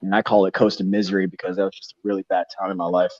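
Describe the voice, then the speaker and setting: This podcast co-host is a young man from Texas whose low-pitched, slightly mellow voice stays level as he races along. He tells a long, slangy, rambling story in casual conversation, stumbling through fillers and restarts. There's no echo, just a dull, dry studio sound.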